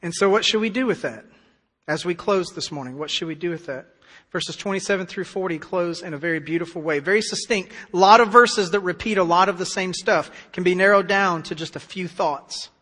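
A man preaching a sermon as pastor, emphatic, swinging between hushed stretches and loud declarations. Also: sits high, brisk. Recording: long hall reverb.

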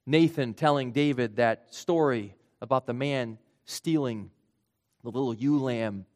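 A man preaching a sermon in an earnest way, his voice rising for emphasis and then dropping low and quiet. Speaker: pastor.

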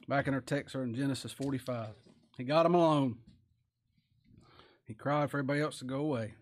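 A man preaching a sermon in a folksy, animated way, reading scripture slowly and with emphasis, then dropping to near-quiet asides. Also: medium pitch. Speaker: pastor.

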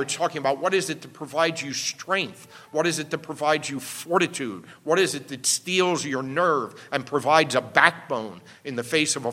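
A man's voice: medium pitch, pushed and bright. A man pastor delivering a teaching sermon, explaining step by step and often checking in with "all right?". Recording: long hall reverb.

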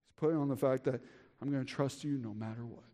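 A man in his thirties preaching a sermon as pastor, earnest, swinging from emphatic high peaks to quiet low drops. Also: fast. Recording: long hall reverb.

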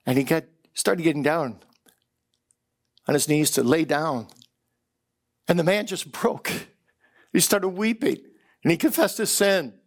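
Speaking unhurriedly in a fairly high voice, this preacher pauses often during his chapel sermon. He tells stories earnestly and repeats words when he gets excited and builds momentum.

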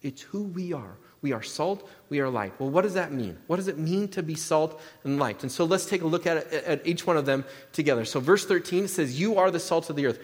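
A man preaching a sermon in a church sanctuary, his voice sitting a little high for a man. He keeps it conversational, with jokes and questions to the congregation. A long reverb trails his words through the hall. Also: expressive, a little fast, few pauses. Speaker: pastor.

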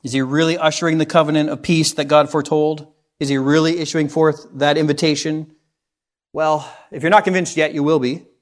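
A man's voice: on the high side, flat delivery, brisk. A man preaching a sermon, earnest and putting rhetorical questions to his listeners.

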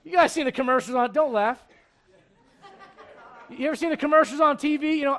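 A man in his thirties delivers a sermon in a strikingly high voice. He talks to the congregation like a friend, punching certain lines loudly before falling back to quiet, almost private remarks. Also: fairly quick, pauses often, a faint crowd. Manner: conversational preaching, swinging between loud emphasis and hushed asides. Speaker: pastor.

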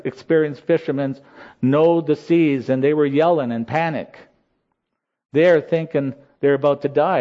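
A man preaching a sermon in a slow, earnest voice that rises in emotional peaks. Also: medium pitch. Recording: slightly dull lo-fi sound.

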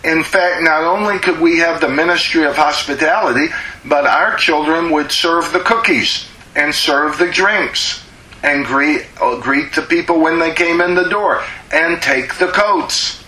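A man preaching a sermon as a pastor, slow and emphatic, drawing out words to press his points. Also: on the high side, pushed and bright, roomy sound, poor audio.

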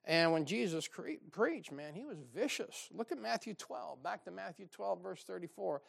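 A man's voice: high-pitched, lively intonation, normal speed, vocal fry. A man preaching a sermon as pastor, joking and sarcastic, often laughing.

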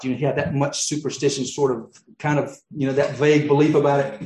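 A man's voice: on the high side, little pitch movement, fast talker, few pauses, darkish tone, roomy sound, rough recording. A man preaching a sermon, earnest, often restarting his sentences and rising into emphatic peaks. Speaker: pastor.

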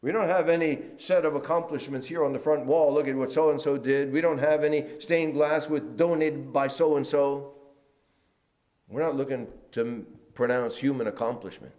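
A man preaching a sermon in a church, moving between loud emphatic lines and quiet, hushed ones. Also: medium pitch, fairly even intonation, moderate pace. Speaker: pastor.

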